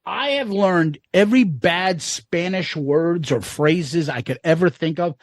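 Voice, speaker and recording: A man's voice: a little high, a little slow, no room sound. A man in his fifties co-hosting a casual podcast, telling a rowdy story full of swearing and laughter and acting out the voices in it. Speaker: podcast co-host.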